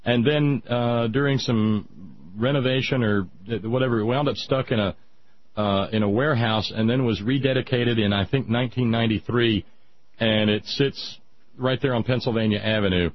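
A man on a radio talk show, talking in a casual, emphatic way that climbs into loud, insistent peaks. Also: medium pitch, steady tone, normal speed. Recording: dry, dull radio audio.

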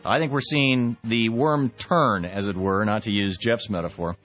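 A man's voice: lowish voice, steady tone, normal speed, soft background music. A man hosting a political call-in radio show, emphatic and opinionated, often repeating words as he talks. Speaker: radio talk show host. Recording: slightly muffled radio broadcast.

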